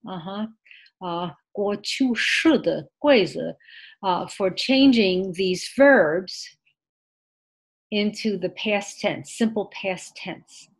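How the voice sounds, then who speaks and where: An ESL teacher runs an online English lesson with screen sharing, her medium-pitched voice moving slowly. She speaks patiently, repeating words and adding brief Mandarin glosses.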